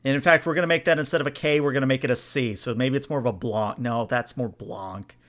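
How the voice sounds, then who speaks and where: A man narrating as game master over a video call, explaining rules and describing scenes in a relaxed, chatty way. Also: medium pitch, fast talker.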